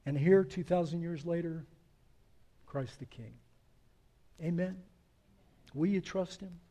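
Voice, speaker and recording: A man's voice: a little high, slow pace, warm tone. A man preaching a sermon as pastor, earnest and building to emphatic swells.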